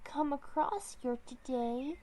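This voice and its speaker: A tiny ghostly kitten speaks in a squeaky, soothing little voice, as a woman puts it on. The voice rides well above a normal speaking pitch. It sounds like a storybook animal comforting someone sad. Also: takes it slowly, dark tone, slight background noise. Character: small gentle ghostly kitten. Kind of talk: storybook character voice.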